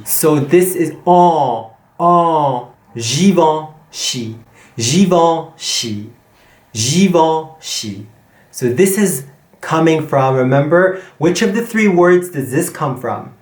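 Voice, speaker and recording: A man teaching an online language lesson, repeating example words slowly and clearly for learners. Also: on the high side, animated, a little mellow, echoey room. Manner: slow, drawn-out repetition of example words. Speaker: French pronunciation teacher.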